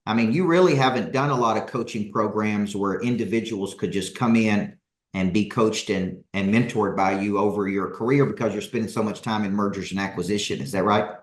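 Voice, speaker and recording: A man's voice: fairly low pitch, a little fast, roomy sound. A man hosting a live coaching session, talking energetically and rallying his audience with questions. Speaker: business coach, host.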